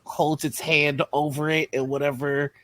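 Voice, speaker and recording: A man's voice: on the high side, little pitch movement, normal speed, a bit bright. Hesitant man player thinking aloud. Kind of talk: casual tabletop game chat.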